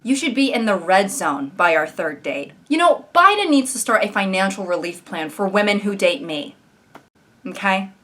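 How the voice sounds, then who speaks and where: A woman's voice: mid-range voice, lively intonation, normal speed, a bit bright. Sarcastic young woman doing comedy commentary. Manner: sarcastic, mocking, breaks into exaggerated voices. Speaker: commentary YouTuber. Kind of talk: comedic commentary reading social media posts.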